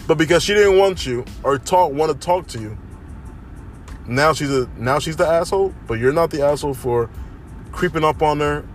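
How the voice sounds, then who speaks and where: A young man hosting a casual solo podcast, telling stories in an animated way and often saying "you know what I'm saying". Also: medium pitch. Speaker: podcast host.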